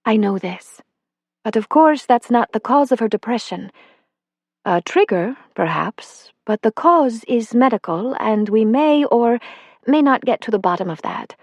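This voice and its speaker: A woman reading aloud, voicing a calm, kind female doctor with a slight accent who speaks in a gentle, measured, reassuring way. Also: a little high, no echo, pitched above the performer's own voice.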